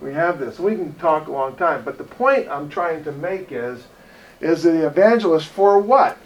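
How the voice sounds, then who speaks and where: A man's voice: fairly high pitch, expressive, normal speed, muffled recording. A man preaching as an evangelist in a folksy, digressive, joking way, speaking to a congregation. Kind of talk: sermon. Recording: distant voice, faint noise.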